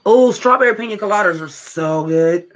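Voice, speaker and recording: A man chatting casually to his viewers on a livestream, animated and profane, talking straight at them. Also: high voice, moderate pace. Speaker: livestream vlogger. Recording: dull lo-fi livestream audio.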